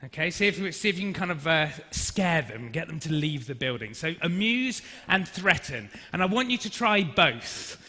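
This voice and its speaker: A man in his thirties, an actor leading an energetic interactive business workshop and directing the audience. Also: on the high side, normal speed, hardly any pauses. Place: large conference hall. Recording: reverberant hall.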